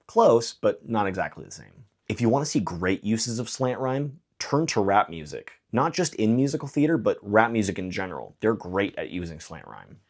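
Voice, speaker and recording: A man explaining songwriting in a clear video lesson, with dry joking asides. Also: lowish voice, big pitch swings, moderate pace, few pauses. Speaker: songwriting teacher.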